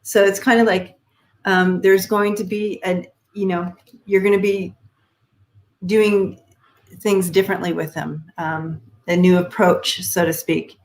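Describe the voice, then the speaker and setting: A woman with a somewhat low voice co-hosts a live spiritual Q&A stream. She reads tarot cards in a loose, hesitant way, full of ums and "you know.". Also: steady tone, a little slow, a little mellow, rough recording. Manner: loose, hesitant, many fillers. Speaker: co-host and tarot card reader.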